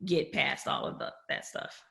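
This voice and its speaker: Bright-voiced woman, candid and emotional. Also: unhurried, roomy sound. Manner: candid, emotional, quotes others in her own voice. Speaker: podcast guest. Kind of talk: personal storytelling in conversation.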